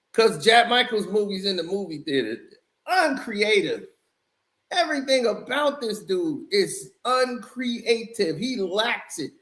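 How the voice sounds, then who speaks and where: A man giving a blunt, scornful, animated music review in a casual rant, laughing often. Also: high voice, reverberant. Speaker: album reviewer.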